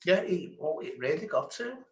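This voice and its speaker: A man's voice: a little high, very animated, brisk, roomy sound. A man hosting a casual quiz stream, chatting and rambling between questions. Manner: chatty, rambling, chuckling asides. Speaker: quiz host.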